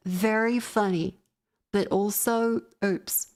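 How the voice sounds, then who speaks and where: Young woman, streamer, casual chat, laughing, swearing, mid pitch. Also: steady tone, unhurried. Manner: rambling, laughing, swearing storyteller.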